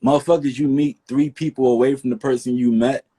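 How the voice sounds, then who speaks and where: A man's voice: medium pitch, steady tone, a little fast, mellow, husky. A man in a candid talk-show chat who tells things animatedly, swearing and calling people "bruh".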